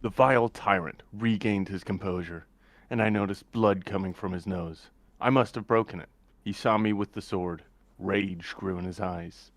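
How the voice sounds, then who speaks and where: Low-voiced man narrating action, dry sound. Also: fairly even intonation, moderate pace, no echo. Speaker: player narrating his character. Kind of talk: first-person story narration in a tabletop game.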